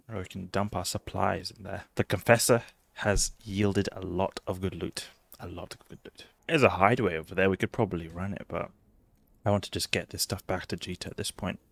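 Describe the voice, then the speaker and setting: A man's voice: low voice, creaky, no room sound. A man giving chatty, enthusiastic gameplay commentary and talking straight to his viewers. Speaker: gaming video host.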